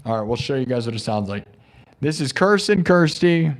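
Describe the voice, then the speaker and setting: A man's voice: mid-range voice, sing-song, moderate pace. A man hosting a live music stream, talking casually and rambling between songs. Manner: rambling, chatty, restarts sentences. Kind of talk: casual chat over live looped music.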